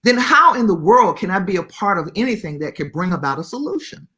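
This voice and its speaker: A woman's voice: mid-range voice, very animated, a little fast, sharp tone, breathy edge. A woman guest speaking earnestly, with a preacher-like emphasis. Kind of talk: conversational discussion.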